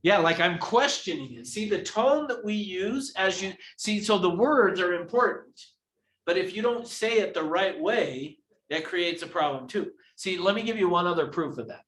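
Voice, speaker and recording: A man's voice: high-pitched, animated, moderate pace, a bit bright. A man teaching a live real estate training class who acts out examples as he explains them. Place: training room. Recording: echoey room.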